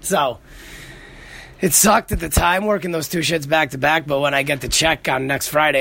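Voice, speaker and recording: A man rambles through stories on his podcast, swearing freely. His voice is bright and sits a little high, with a gravelly, frying edge. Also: fairly even intonation, fairly quick. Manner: profane, rambling storytelling. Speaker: podcast host. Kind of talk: casual monologue.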